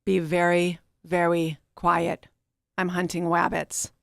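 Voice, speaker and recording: A cast member voicing a dim, lisping cartoon hunter in a comic read-through, hushed and slow with a lisped w for r. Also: mid-range voice, completely flat delivery, gravelly, no room sound. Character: Elmer Fudd, hushed slow-witted male hunter.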